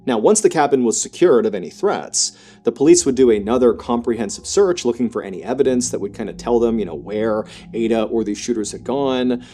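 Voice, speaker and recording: A man narrating a true horror story in a conversational way, with frequent filler words and a voice that rises sharply in tense moments. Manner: quick, conversational, frequent filler "you know"; climbs high and loud in tense action. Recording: faint music behind.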